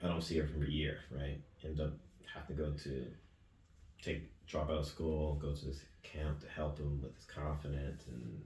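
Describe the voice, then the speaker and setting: A man's voice: a bass voice, steady tone, moderate pace, darkish tone. A man, a youth weightlifting coach, telling a long story in casual interview talk. He rambles earnestly and ends phrases with "right?" and "man". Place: gym. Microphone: distant mic. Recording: echoey gym recorded from a distance, faint noise.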